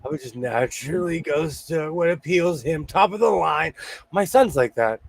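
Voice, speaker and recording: Fairly high-voiced joking male host. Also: expressive, normal speed, creaky. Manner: jokey, rambling storyteller. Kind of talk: casual chat. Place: home sewing room.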